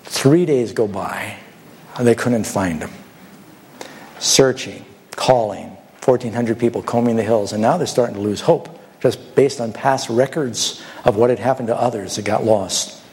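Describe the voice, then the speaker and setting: A man's voice: medium pitch, measured pace, a little mellow. Storytelling preacher man, rhetorical questions. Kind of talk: sermon.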